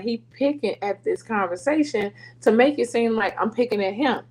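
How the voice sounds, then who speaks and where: Middle-aged woman, faith show host, chatty and animated storytelling, laughs a lot. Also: medium pitch, rough recording. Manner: animated, laughing, slips into dialect and quoted voices. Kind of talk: casual storytelling to listeners.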